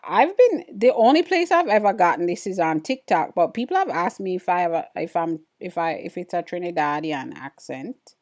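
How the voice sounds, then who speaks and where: A woman's voice: fairly low pitch, expressive, normal speed, few pauses, a little mellow. A woman with an Antiguan accent hosting a live stream, chatting casually and with curiosity as she answers viewer comments. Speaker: livestream host.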